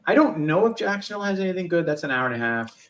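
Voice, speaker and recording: A man's voice: sits high, sing-song, very fast. A man co-hosting a podcast in casual chat, easygoing and agreeable, often repeating his words. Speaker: podcast co-host.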